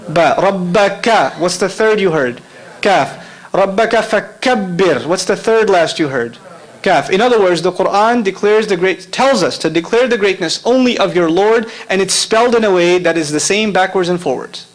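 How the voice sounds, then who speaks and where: A middle-aged man giving a lively lecture to a live audience, often asking the crowd questions and laughing as he talks. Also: high-pitched, normal speed, rough recording. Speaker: Islamic lecturer.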